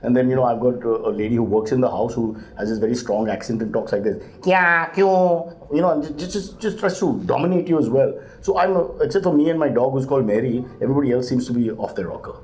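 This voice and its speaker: Fast-talking joking man. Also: mid-range voice. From India. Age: middle-aged. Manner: quick deadpan wisecracks, mock exasperation. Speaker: guest comedian. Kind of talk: joking live interview banter.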